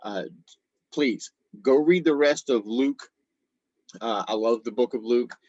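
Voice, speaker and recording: A husky-voiced man leads a casual devotional talk as a show host, talking straight to his viewers in a relaxed, informal way. His voice sits at an ordinary middle pitch. The recording sounds dull and lo-fi. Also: slow, no echo. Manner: informal, speaks directly to viewers as "guys". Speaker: host of a faith and football show.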